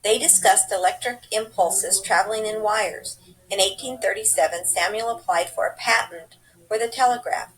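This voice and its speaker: A woman's voice: mid-range voice, rough recording. Woman reading a slideshow report.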